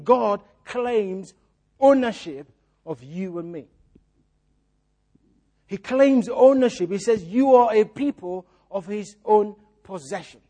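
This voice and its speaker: High-voiced man preaching a sermon. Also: warm tone. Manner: repeats key phrases and asks the congregation rhetorical questions. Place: church.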